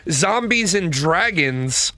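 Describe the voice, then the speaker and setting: A man in his forties, a streamer, telling stories in a profane, animated rant. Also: a little high, slow, no echo. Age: 40s. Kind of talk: ranting casual talk.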